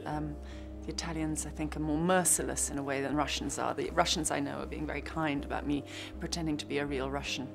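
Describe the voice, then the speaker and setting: A woman's voice: sits low, steady tone, quick pace, gravelly, few pauses, over music. A woman actress answering interview questions in a reflective way, often restarting her sentences and adding playful asides.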